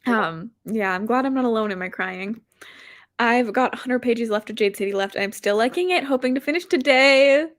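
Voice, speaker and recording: A slightly high-voiced woman talks at normal speed, recorded with clean studio sound and no room sound. She's a booktuber hosting reading sprints on a casual livestream, chatting, reading viewer comments, rambling with frequent "like" fillers and running herself down.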